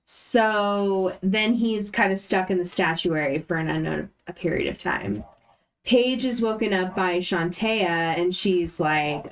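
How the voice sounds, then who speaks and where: A woman's voice: on the low side, a little slow. Hesitant woman recapping a game session. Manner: hesitant, full of ums and restarts. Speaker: player recapping the last session. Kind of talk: casual story recap. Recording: distant mic.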